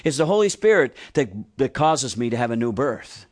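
Man preaching with a lively, swinging voice. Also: medium pitch, normal speed. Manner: preaching with rhetorical questions and repeated phrases. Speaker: pastor. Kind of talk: sermon.

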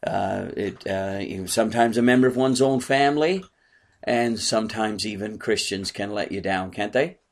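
A man's voice: on the low side, moderate pace. Man preaching a conversational bible study. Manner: conversational preaching, asks the congregation questions. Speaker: pastor.

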